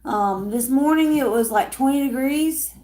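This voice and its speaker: A woman's voice: sits high, measured pace, roomy sound, crowd noise. A woman chatting and teasing on a homestead livestream. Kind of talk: casual livestream chat.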